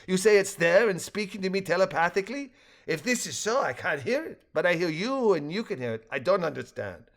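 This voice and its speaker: A man's voice: sits high, very animated, fairly quick, a bit bright, voice pushed up, exaggerated voice. An older man voicing a curt, guarded male doctor of engineering in a read-aloud story. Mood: wary.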